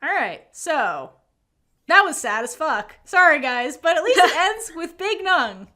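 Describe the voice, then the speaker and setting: Animated high-voiced woman recapping a show. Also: a little slow. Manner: animated storytelling, acting out character quotes; swears casually, says "like" a lot. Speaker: podcast co-host. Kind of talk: casual recap chat.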